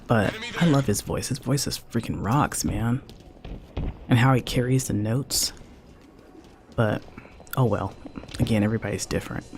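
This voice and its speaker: A man's voice: mid-range voice, moderate pace, long pauses, background noise. A man in his forties streaming a game, rambling in a heartfelt way and dropping "man" and "like" often. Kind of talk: casual chat while gaming.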